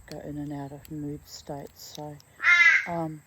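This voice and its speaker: Low-voiced woman chatting candidly. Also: flat delivery, slow, heavy background noise. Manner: candid, emotional and chatty, drifting between topics. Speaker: vlogger. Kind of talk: rambling personal monologue.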